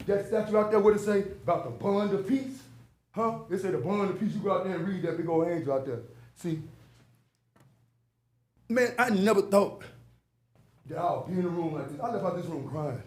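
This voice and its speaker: A man's voice: high voice, animated, moderate pace, long pauses, darkish tone. A man giving an emotional public comment, with a preacher-like cadence and many rhetorical questions. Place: large council chamber. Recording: echoey council chamber.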